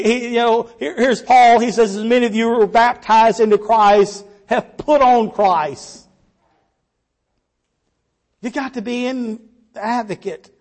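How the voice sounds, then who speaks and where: A man preaching a sermon earnestly, with rhetorical questions and quiet trailing endings. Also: high voice.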